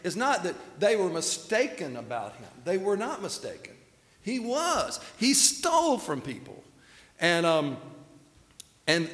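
A man's voice: high voice, fairly bright tone, big-room sound. A man preaching a sermon in a folksy, storytelling manner, acting out the quotes. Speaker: pastor.

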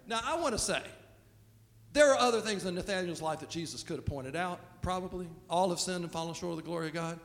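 A man's voice: a little high, brisk. A man preaching a sermon as pastor, talking in a conversational, self-deprecating way. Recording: long reverb of a large hall.

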